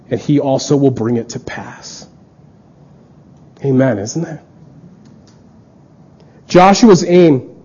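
A man's voice: medium pitch, mellow. A man preaching a sermon in an earnest way, acting out the lines of the people in his stories. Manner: earnest, acts out quoted dialogue. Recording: dull lo-fi recording.

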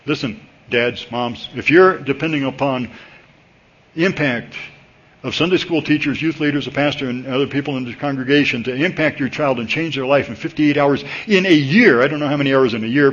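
A pastor delivers a sermon during a church service, addressing the congregation in a lively, conversational manner. His pitch leaps upward whenever he gets worked up. The recording sounds dull and lo-fi.

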